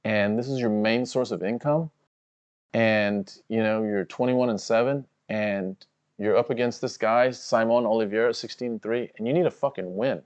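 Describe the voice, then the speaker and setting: A man's voice: medium pitch, darkish tone, dull audio. A man co-hosting a live fight watch-along stream, giving casual, profane, analytical commentary full of "you know" fillers.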